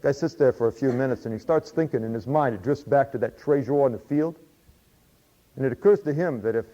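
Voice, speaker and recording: Male preacher, folksy, drawling, humorous sermon storyteller, mellow tone, dull lo-fi recording. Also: medium pitch.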